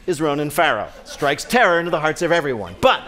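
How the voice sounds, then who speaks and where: A man's voice: a little high, very animated, a little fast, a bit bright. A man hosting a public radio comedy quiz show, interviewing a guest in a joking way and laughing often.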